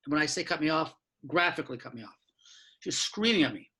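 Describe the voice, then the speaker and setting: A man in his sixties talks frankly and bluntly, dropping mild curses and quick asides as he explains his work. His voice is husky and a touch higher than most men's. He speaks from his apartment over a video call. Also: lively intonation, sharp tone. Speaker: law professor and author giving a talk. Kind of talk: candid lecture-style talk.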